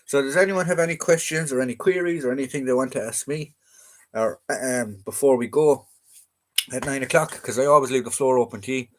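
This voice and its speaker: A man's voice: mid-range voice, brisk. A man with an Irish accent hosting a casual live-stream chat, rambling and easygoing with plenty of fillers and restarts. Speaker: livestream host.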